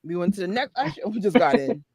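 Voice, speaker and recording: A woman's voice: mid-range voice, animated, very fast, a little mellow, husky, no echo. A woman guest in a casual chat who tells her side of the story in a sassy, emphatic and playful way.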